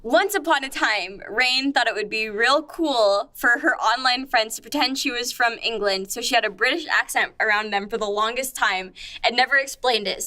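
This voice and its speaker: A young woman hosts a casual podcast chat with a high, bright voice. She talks in an excitable rush and swears freely. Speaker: podcast host.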